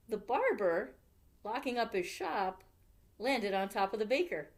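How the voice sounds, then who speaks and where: Woman, librarian, children's storytime read-aloud, very lively pitch, expressive. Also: normal speed. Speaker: youth services librarian.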